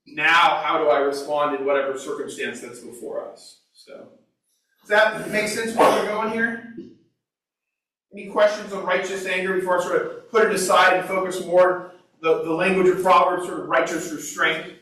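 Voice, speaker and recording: A Bible study teacher leads an informal class, talking conversationally and asking the group questions. His voice sits high with a sharp tone and fairly even intonation at a moderate pace, picked up by a distant mic in an echoey room.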